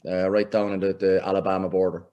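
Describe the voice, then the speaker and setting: A middle-aged Irish man, a football coach, telling lively anecdotes in a casual interview and acting out the voices he quotes. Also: low-pitched, fast talker, highs cut off, crowd noise. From Ireland. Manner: animated anecdotes, acts out quoted voices, laughs often. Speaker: football coach, podcast guest.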